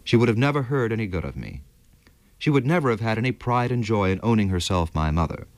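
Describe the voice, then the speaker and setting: A man's voice: fairly low pitch, big pitch swings, fast talker, no room sound. A man voicing a broken, ashamed young soldier. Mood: pleading, broken. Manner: faltering, ashamed and pleading. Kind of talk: audiobook character reading.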